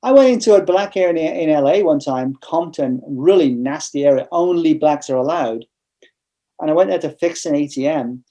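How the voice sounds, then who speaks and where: A man's voice: a little high, lively intonation, moderate pace, warm tone. A man with an English accent, a guest in a casual interview, telling stories bluntly with frequent restarts. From England.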